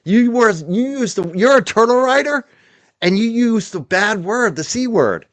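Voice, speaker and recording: A mock-stern buddy , as a man puts him on, lectures his pal in an exaggerated sing-song. The voice swings way up above the man's usual high register. The sound is dry and close. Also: lively intonation, a little slow, a bit bright, no echo, full character voice. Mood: mock scolding.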